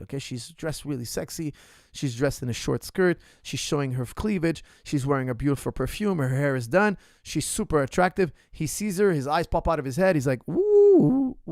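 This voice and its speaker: A man's voice: a little high, darkish tone, no echo, studio quality. A man coaching in an ask-me-anything session, speaking bluntly and emphatically and repeating his points straight to the viewer. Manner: addresses the viewer directly. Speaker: martial arts coach.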